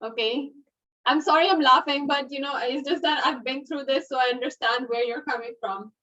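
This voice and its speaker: High-voiced woman hosting a webinar. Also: steady tone, brisk, a bit bright. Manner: chatty, laughs often, many fillers like "okay" and "you know". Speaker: webinar host. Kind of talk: casual webinar moderation. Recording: dull, distant webinar audio.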